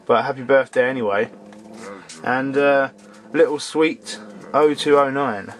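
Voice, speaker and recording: A man's voice: mid-range voice, unhurried, slight background noise. A man giving casual, sarcastic commentary while playing a video game. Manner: grumbling, sarcastic, talks to the game characters. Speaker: let's play commentator.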